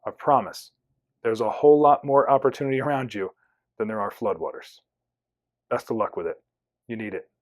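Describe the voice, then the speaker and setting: A man's voice: fairly low pitch, brisk, pauses often. A man hosting a solo podcast, telling a story and earnest lesson. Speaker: podcast host.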